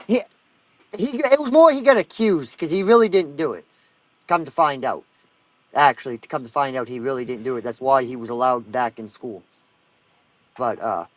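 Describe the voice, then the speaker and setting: A man's voice: mid-range voice, no room sound. A man in his thirties with a Down East Maine accent, telling stories bluntly and with lots of swearing in casual chat. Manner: blunt, profane storytelling.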